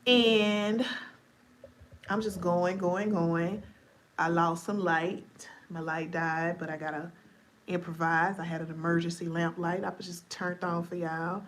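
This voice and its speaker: A woman's voice: on the low side, level tone, unhurried, a little hiss or hum. Sleepy, chatty woman live-streamer. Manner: chatty, playful, talks straight to viewers. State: sleepy, voice going deep and scratchy. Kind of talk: casual live-stream chat.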